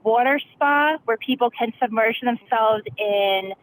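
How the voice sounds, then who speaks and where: A woman's voice: on the high side, unhurried, slight background noise, poor audio. A woman calling in to a show and telling a story in a chipper manner, laughing through grim details. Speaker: caller.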